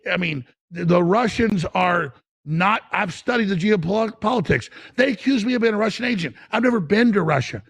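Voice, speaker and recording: A man's voice: high voice, expressive, normal speed, gravelly, husky, no room sound. A middle-aged man talking as a guest, fiery and impassioned, often stumbling into restarts. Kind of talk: impassioned political talk.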